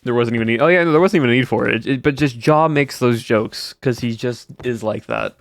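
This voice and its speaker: A man's voice: mid-range voice, animated, fast talker, creaky. A young man streaming, chatting casually with his viewers in a rambling way and answering their comments as he goes. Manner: rambling, answers chat between stories. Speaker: livestreamer.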